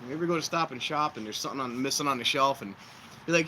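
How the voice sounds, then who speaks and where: A man's voice: mid-range voice, rapid-fire, bright, forceful tone, a little hiss or hum, rough recording. A man hosting a casual livestream outdoors by a fire pit, rambling and joking with his viewers. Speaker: livestream host.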